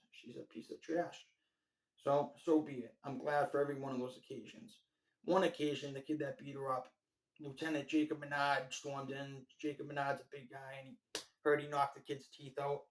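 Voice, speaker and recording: A man's voice: a little high, darkish tone, poor audio. Blunt, profane man ranting casually. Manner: blunt, profane, rambling with filler phrases. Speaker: former inmate ranking jail officers.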